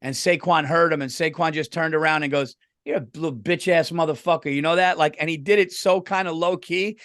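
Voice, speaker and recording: A man's voice: a little high, steady tone, a bit bright, no echo, clean studio sound. Laughing New storyteller man. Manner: storytelling, laughs often, fast and loose. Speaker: podcast co-host. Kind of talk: casual sports chat.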